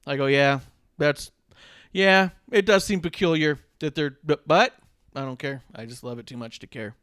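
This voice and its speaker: A man hosting a casual wrestling podcast, animated and swearing freely, often mocking himself. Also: fairly high pitch, fairly quick. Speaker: podcast host.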